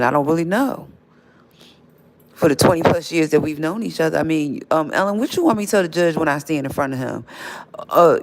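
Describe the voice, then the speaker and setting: A woman on a phone livestream, ranting straight at an absent person in a confrontational, scolding, repetitive way. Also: sits low. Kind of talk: livestream rant.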